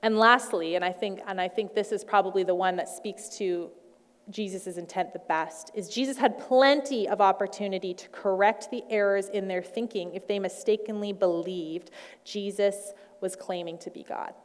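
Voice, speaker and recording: A woman's voice: mid-range voice, normal speed, big-room sound. A woman preaching a sermon in a conversational way, with playful asides.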